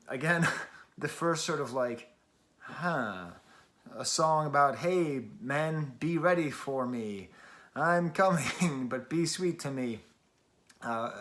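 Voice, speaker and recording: A man's voice: medium pitch, fairly bright tone. A man giving a casual spoken album review in a loose, chatty way, full of "like" and "sort of" fillers.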